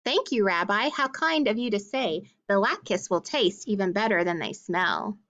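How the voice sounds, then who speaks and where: A woman's voice: mid-range voice, animated, moderate pace, fairly bright tone, muffled recording, lightly acted. A woman voicing a kindly, chatty old village grandmother while reading a storybook aloud. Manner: fussing, chatty, good-natured.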